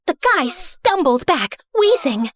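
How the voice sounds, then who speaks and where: A young woman narrating an animated story as a spoiled, theatrical rich girl, sarcastic and self-centered. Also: high-pitched, slow, no echo, studio quality, exaggerated voice. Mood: sassy. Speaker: first-person narrator.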